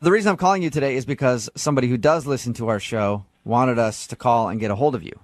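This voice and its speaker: A man's voice: mid-range voice, fast. A man hosting a morning radio show, bantering and teasing with an upbeat delivery. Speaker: radio host. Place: radio studio.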